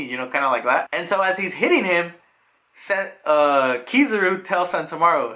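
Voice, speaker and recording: A man's voice: a little high, fairly quick. A man casually retelling a manga chapter as a reviewer, acting out the scenes as he goes. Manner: animated retelling that acts out scenes. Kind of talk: casual chat.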